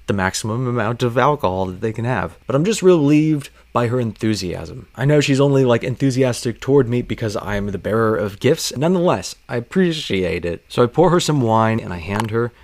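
A man's voice: medium pitch, big pitch swings, brisk, few pauses, darkish tone, no echo. A man telling a personal story about his job in a conversational, self-conscious way, using lots of fillers.

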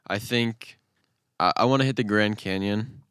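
A man's voice: fairly low pitch, moderate pace, fairly bright tone, smooth, no echo, studio quality. A young man co-hosting a podcast, chatting casually, teasing his friends and telling stories. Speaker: podcast co-host. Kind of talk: casual chat.

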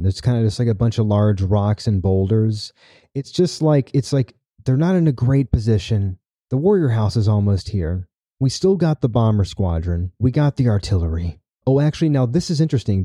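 Podcast host, man, casual recapper, deep dark tone, dry mic. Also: no echo. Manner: chatty, tags lines with "right?".

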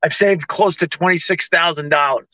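A high, bright-voiced New man rants at normal speed as a vlogger on a live stream, sitting in a car parked on a city street. Exasperated and sarcastic, he delivers a casual monologue, acting out both sides of conversations. The audio is dull with no room sound.

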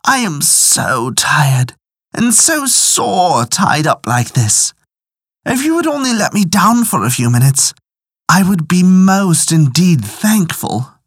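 A man putting on a sly high-voiced badger. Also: big pitch swings, takes it slowly, fairly bright tone, slightly rough, no echo, studio quality, exaggerated voice. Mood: pleading. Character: sly deceitful male badger, pleading then mocking.

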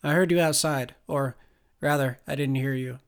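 A man voicing a small, nonchalant woman engineer who talks in a flat monotone. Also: rumbling low, moderate pace. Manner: deadpan, detached.

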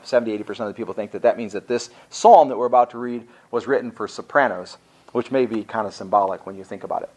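Rambling, folksy male pastor preaching. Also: medium pitch. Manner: rambling, corrects himself mid-story; folksy, talks directly to the congregation. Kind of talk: conversational sermon with personal storytelling.

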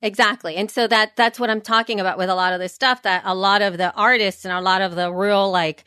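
A woman's voice: medium pitch, steady tone, brisk, sharp tone, smooth, dry recording, studio quality. A woman co-hosting a podcast, chatting casually and animatedly in long run-on sentences. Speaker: podcast co-host. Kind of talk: casual chat.

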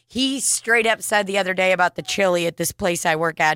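A young woman co-hosting a casual podcast chat, telling profane, animated stories between bursts of laughter. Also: fairly low pitch, a little fast, slight background noise. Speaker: podcast co-host.

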